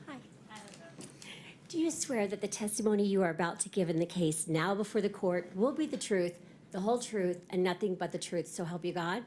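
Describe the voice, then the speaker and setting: A woman court clerk reading the witness oath in a quick, formal recitation. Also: mid-range voice, expressive, darkish tone, slight background noise.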